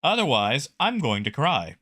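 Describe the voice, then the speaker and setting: Male game streamer, excitable and chatty, bright voice, mid pitch. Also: moderate pace, no echo, studio quality. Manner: excitable, talks to chat, repeats himself. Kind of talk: live gameplay commentary.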